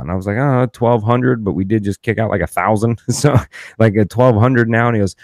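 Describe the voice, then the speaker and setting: A man's voice: fairly low pitch, fast, darkish tone, no echo, clean studio sound. A man hosting a podcast, telling stories in a loose, profane, ranting way. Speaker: podcast host. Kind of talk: casual podcast chat.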